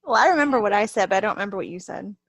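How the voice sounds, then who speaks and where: A woman's voice: mid-range voice, animated, very fast, no room sound. A woman co-hosting a podcast in casual chat, recounting events in a rambling way, quoting herself and laughing often. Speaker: podcast co-host.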